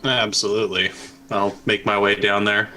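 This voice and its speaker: A man's voice: on the low side, little pitch movement, normal speed, sharp tone, a little hiss or hum, poor audio. A man playing a tabletop role-playing game, talking hesitantly with many fillers. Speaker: player.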